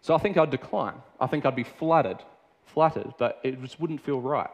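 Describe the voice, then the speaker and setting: A man's voice: mid-range voice, moderate pace. A young Australian man preaching a sermon in a casual, chatty way with many fillers and restarts. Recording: long hall reverb.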